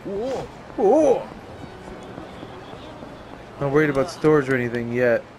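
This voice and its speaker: Excitable, foul-mouthed young man gaming. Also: fairly high pitch, slow pace, slight background noise. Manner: excitable, swears a lot, yelps and laughs at the game. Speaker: gameplay streamer. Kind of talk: casual let's-play commentary. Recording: game music underneath.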